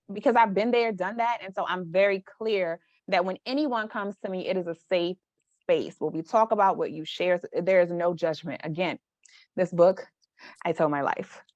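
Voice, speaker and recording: A woman's voice: mid-range voice, moderate pace, dry recording, highs cut off. A woman who works as a mindset coach, talking frankly and emphatically as a podcast guest. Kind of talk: casual podcast conversation.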